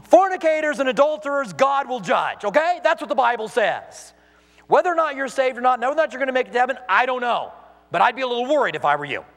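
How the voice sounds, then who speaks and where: A man preaching a sermon as a pastor, animated, acting out the voices he quotes. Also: very high-pitched, quick pace, long reverb tail.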